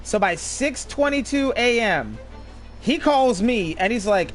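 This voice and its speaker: A man with a high, bouncy voice chats while he plays, telling an animated and profane story. His pitch leaps up and down as he talks, and faint game music plays behind him. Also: measured pace. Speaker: streamer. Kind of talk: casual chat while gaming.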